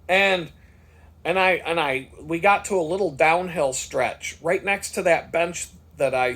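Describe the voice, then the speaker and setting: A man's voice: a little high, a bit bright, husky. A man vlogger telling a story in a casual monologue, worked up and swearing freely.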